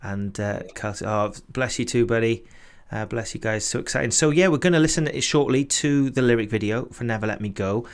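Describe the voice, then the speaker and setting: A man's voice: mid-range voice, a little fast, hardly any pauses. A man from Britain hosting a casual online launch chat over a video call, reading out viewer comments and laughing often. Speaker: host.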